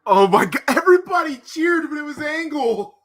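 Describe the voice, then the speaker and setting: A man hosting a live watch-party stream, reacting with excited, rambling commentary that often breaks off mid-sentence. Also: extremely high pitch, moderate pace. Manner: restarts and trails off mid-sentence.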